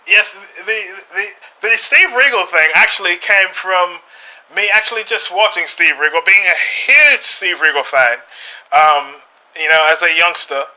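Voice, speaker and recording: Sharp-toned British man, halting speech. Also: sits high, low-quality recording. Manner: halting, many filler phrases and restarts. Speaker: guest. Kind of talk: in-character podcast chat.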